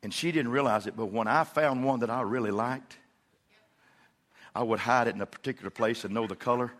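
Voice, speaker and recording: A middle-aged man preaching a sermon, with folksy storytelling that swells into loud, emphatic preaching. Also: mid-range voice, brisk. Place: church sanctuary.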